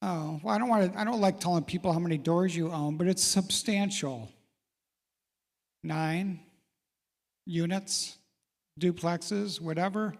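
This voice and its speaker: A man's voice: sits high, measured pace, creaky, pauses often. A middle-aged man hosting a live real estate event, folksy and encouraging as he calls out people in the audience by name. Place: large event hall. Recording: reverberant event hall.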